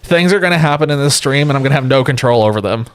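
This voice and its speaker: A man's voice: mid-range voice, expressive, very fast, smooth, no room sound. An exhausted man streaming from home, rambling and joking in casual chat with his viewers. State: exhausted from lack of sleep. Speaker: livestreamer. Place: home streaming setup with a webcam.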